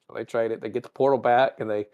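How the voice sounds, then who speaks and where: A man's voice: medium pitch, fast talker, clear, resonant tone, highs cut off. A man hosting a podcast, animatedly retelling a show's plot in casual chat. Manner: animated storyteller, laughs while telling. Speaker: podcast host. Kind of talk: casual episode recap.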